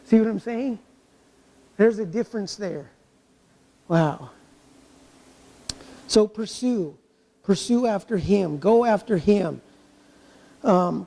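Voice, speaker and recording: Preaching from a church pulpit, this pastor has a strikingly high, gravelly voice with a darkish tone, and it rings out under a long, trailing reverb. He speaks slowly and expressively, with long pauses, leaning on rhetorical questions and voicing people's inner thoughts.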